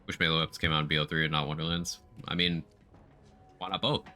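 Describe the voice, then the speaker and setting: A man's voice: extremely low pitch, level tone, quick pace, sharp tone, faint music behind. A man streaming a video game, chatting casually about gear and reading out viewer comments as he plays. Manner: chatty, reads out viewer chat while playing.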